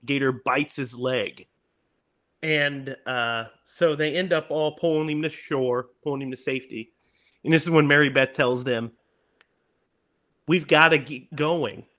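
A man co-hosting a podcast, casually retelling a horror film in an animated way and acting out the characters' lines. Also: mid-range voice, normal speed. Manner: animated, acts out characters' lines in put-on voices. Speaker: podcast co-host.

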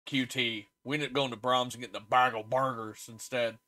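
A man's voice: mid-range voice, little pitch movement, a little fast, pushed and bright. A man with an Oklahoma accent, co-hosting a podcast in casual, teasing banter. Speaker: podcast co-host. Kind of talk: casual chat.

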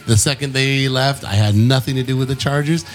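A man co-hosts a casual podcast, giving blunt, teasing opinions full of swearing. His voice is mid-pitched, and faint music plays in the background. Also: a little fast. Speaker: podcast co-host.

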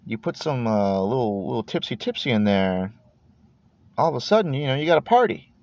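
A man's voice: medium pitch, sing-song, fairly quick, darkish tone, no echo. A man in his thirties from Texas, rambling laid-back and cursing casually while sitting in his parked car. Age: 30s. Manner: laid-back, meandering, swears casually, trails off and repeats words. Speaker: podcast host.

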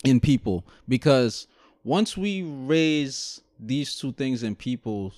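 A man in his twenties talking casually in a group chat, telling a story with lots of swearing and animated energy. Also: mid-range voice, slow pace, no echo. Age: 20s.

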